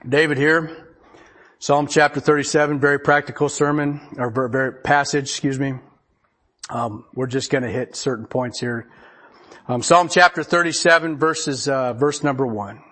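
A man's voice: mid-range voice, fairly even intonation, moderate pace, a bit bright. A man preaching a conversational sermon, folksy and chuckling often as he reads scripture aloud. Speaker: pastor.

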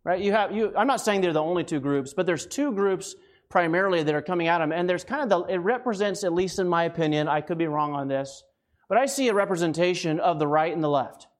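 Fast and high-voiced, an American guest preacher gives a conversational sermon. He checks in with the congregation again and again, tossing out "right?", and is a bit winded.

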